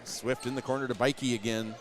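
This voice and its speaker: A man doing live play-by-play for a high school basketball game from the gym stands, rattling off plays and shouting on big moments. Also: level tone, a little fast. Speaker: play-by-play announcer.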